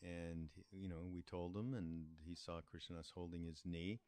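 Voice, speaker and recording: An older man hosting a podcast, telling a story in a reflective, meandering way with pauses and restarts. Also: deep voice, fairly even intonation, mellow, clean tone, dry recording. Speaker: podcast host. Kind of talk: casual spoken storytelling.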